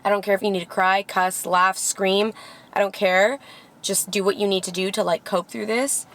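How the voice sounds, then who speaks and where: A woman's voice: medium pitch, steady tone, normal speed, fairly bright tone. A young woman vlogger telling a personal story in a candid, heartfelt way, with lots of "like" fillers. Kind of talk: casual vlog storytelling. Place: Los Angeles area.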